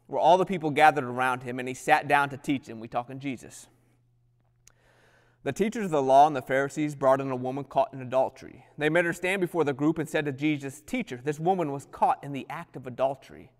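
Man, pastor, sermon, slightly high voice, hushed-to-loud dynamics, long reverb.

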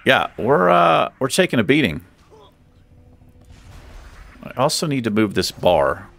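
A man's voice: mid-range voice, very animated, measured pace, creaky, fairly bright tone, soft background music. A man hosting a let's play, chatting casually and thinking aloud with a self-deprecating streak as he plays. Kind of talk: casual gameplay commentary.

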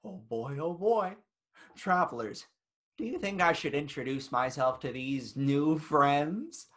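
A man playing a filthy, manic male rat who hosts a game show, with hammy, crude delivery and shouted cackling lines in a comedic stage play. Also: fairly high pitch, slow pace. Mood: sly.

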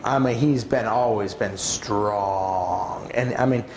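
A man giving a preaching talk at a church conference, telling personal stories in an animated way. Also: takes it slowly, slight background noise. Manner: animated, swings pitch widely while acting out stories. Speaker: conference speaker. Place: church auditorium. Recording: roomy church hall sound.

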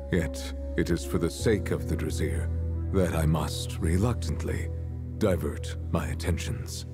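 An actor playing an ancient, solemn male custodian of a world-ship in a video game, speaking in a grave, measured, formal way. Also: sits low. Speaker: game character. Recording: game dialogue over loud music.

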